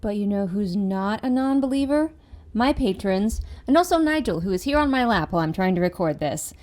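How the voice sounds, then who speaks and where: A woman's voice: medium pitch, expressive, brisk, darkish tone. A woman picks apart a book in a sarcastic, chatty tone, leaning on filler words as she goes. Her voice sounds a bit worn. She is recorded at home, and the room gives a noticeable echo. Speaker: book reviewer. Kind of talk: sarcastic casual book critique. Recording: roomy echo.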